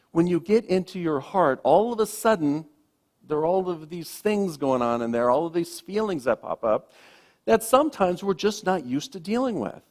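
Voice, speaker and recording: A man who is a minister, giving a sermon in a gentle, reflective way, letting phrases trail off softly. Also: a little high.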